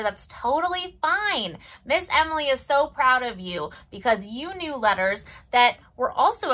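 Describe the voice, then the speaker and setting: A young woman leading a preschool story time as a librarian, animated and sing-song, gasping in mock surprise. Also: high-pitched. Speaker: children's librarian.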